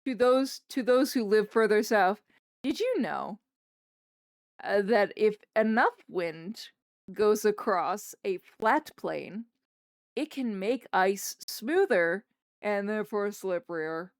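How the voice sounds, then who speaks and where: Young Canadian woman, mild accent, smooth clear voice, dry close mic, rambling casual stream chat. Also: mid-range voice, lively intonation, slow, dry recording. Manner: chatty, rambling, self-correcting with frequent laughs. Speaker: livestreamer. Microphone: streaming microphone.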